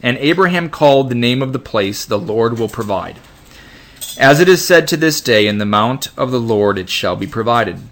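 A man's voice: mid-range voice, animated, normal speed. A man teaching a Bible study, reading scripture aloud and then commenting in a casual way, with frequent restarts and fillers.

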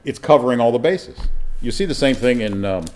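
A man's voice: medium pitch, animated, fairly quick, darkish tone. A man as a pastor giving a conversational verse-by-verse Bible teaching, often asking his listeners rhetorical questions.

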